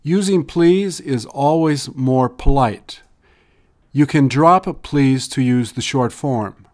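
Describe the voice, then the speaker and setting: Slow, measured man drilling English phrases. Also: medium pitch, darkish tone. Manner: measured, deliberate phrasing of example sentences. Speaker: English teacher. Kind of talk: slow scripted language drill.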